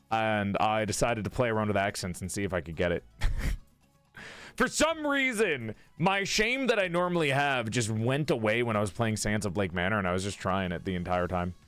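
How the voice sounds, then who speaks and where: A chatty male streamer whose pitch swings widely as he laughs, swears and greets his chat. He runs one line over and over while drilling an accent. The sound is close and dry, with faint music playing underneath. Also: clean tone, no echo. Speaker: live streamer. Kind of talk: casual live-stream chat.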